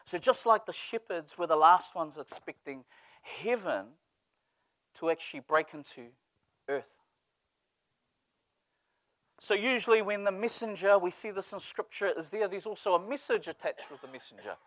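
A man's voice: sits high, moderate pace, long pauses, no echo. A man preaching a sermon, telling stories with humor. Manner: lively storytelling with humor. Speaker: pastor.

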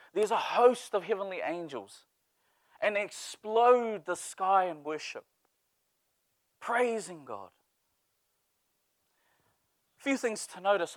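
A man's voice: high-pitched, no room sound. A man preaching a sermon, telling stories with humor. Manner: lively storytelling with humor. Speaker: pastor.

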